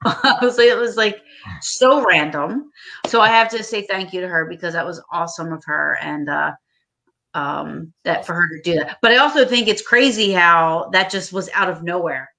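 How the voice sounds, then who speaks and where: A woman's voice: fairly low pitch, normal speed, gravelly, sharp tone, poor audio. A woman hosting a casual livestream chat, rambling and chatty with frequent laughter. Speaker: podcast host.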